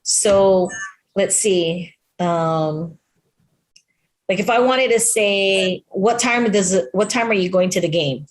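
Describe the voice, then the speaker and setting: A middle-aged woman from Hawaii with a softened Hawaiian Pidgin accent, chatting as a podcast guest and laughing often at herself. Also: medium pitch, slow. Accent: Hawaiian Pidgin, held back. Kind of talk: casual interview chat. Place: at home in Hawaii, on a remote call.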